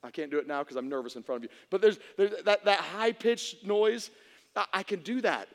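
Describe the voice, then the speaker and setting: A man preaching a humorous sermon to a congregation, telling stories in an animated way that swings from hushed to shouting. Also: sits high, a little fast. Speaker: pastor. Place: church hall before an audience. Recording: reverberant hall.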